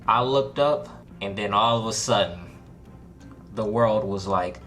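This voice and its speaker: A man's voice: measured pace, faint music behind. Young man telling a wild storytime. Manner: animated, acts out his own panicked quotes in a higher voice; laid-back slangy talk with many likes and restarts. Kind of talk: casual storytime narration.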